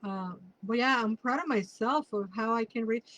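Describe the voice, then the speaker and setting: A woman's voice: on the high side, moderate pace, fairly bright tone, low-quality recording. Chatty woman with a Mexican Spanish accent. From Mexico City. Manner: chatty, rambling, drifts into personal asides. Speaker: tarot reader. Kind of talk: casual tarot reading for viewers.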